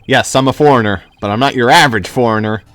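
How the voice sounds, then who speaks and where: A man's voice: medium pitch, fast, fairly bright tone, no echo, faint music behind, lightly acted. A man voicing a confident young male lawyer with a wry, matter-of-fact delivery, in a game playthrough.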